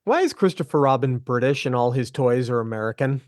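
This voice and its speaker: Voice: medium pitch, lively intonation, a little fast, a little mellow, no room sound, clean studio sound. A podcast guest chatting playfully with quips about a cartoon special. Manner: playful, quipping. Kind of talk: podcast chat.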